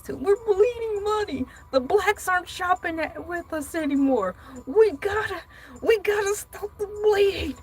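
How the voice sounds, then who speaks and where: A woman putting on the voice of a panicked corporate retail executive fretting about losing money, in a high, whiny, alarmed tone. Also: slight background noise, heavily acted.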